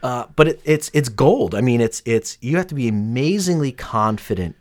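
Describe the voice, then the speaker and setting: A man's voice: medium pitch, lively intonation, normal speed, darkish tone. A man co-hosting a casual music chat, enthusiastic and joking, slipping into silly voices. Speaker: podcast co-host.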